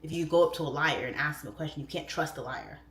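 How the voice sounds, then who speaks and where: A woman in her thirties hosting a casual livestream, chatting openly and jumping up in pitch when she quotes herself. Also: fast, reverberant, slight background noise. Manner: chatty, expressive, pitch jumps up for quoted voices. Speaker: livestream host.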